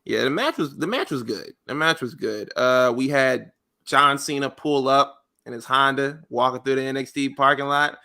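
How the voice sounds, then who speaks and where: A man's voice: medium pitch, normal speed, gravelly, sharp tone. A man co-hosting a podcast, recapping a show in rambling, filler-heavy casual talk. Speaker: podcast co-host.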